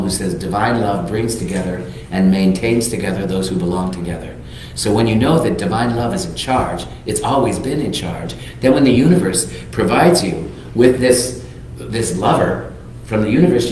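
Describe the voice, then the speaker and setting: A man's voice: lowish voice, a little hiss or hum. Man telling a sermon story in a big echoey hall. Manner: lively storyteller acting out the people he quotes. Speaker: minister.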